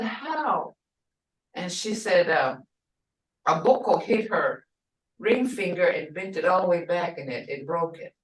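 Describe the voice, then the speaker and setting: An older woman teaches a language class, speaking slowly and patiently and repeating each word so students can hear its tone. Her mid-range voice has lively intonation, and she is recorded from some distance off the mic in a roomy space with a noticeable echo.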